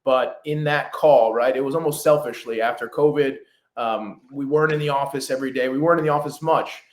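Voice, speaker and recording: Self-described as a fast talker, this man works as a real estate script trainer and talks in a mid-range voice during a relaxed interview, with lots of fillers and restarts. The room gives the recording an echo.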